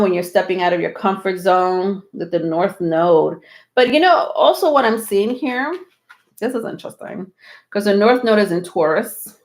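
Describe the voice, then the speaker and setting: Woman, tarot reader on a livestream, slightly breathless, loose reassuring chat. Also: medium pitch. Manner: reassuring, rambling with many ums. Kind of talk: live tarot reading, casual chat to viewers.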